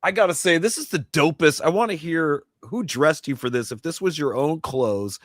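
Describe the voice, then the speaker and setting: Podcast host guy, super lively up and down voice, dry sound. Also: fairly high pitch, normal speed, dry recording. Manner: enthusiastic, conversational. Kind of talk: casual interview.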